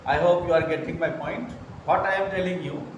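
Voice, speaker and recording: A man teaching an English grammar lesson, talking slowly and repeating phrases, often saying "okay" while writing examples. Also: on the high side, steady tone. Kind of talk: slow grammar lesson at a whiteboard. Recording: very echoey room, mic far off, noisy.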